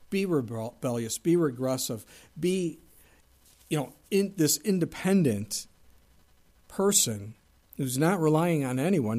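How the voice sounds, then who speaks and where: A man's voice: on the high side, darkish tone. A middle-aged male pastor giving a sermon in a conversational way, with asides and bits of humor.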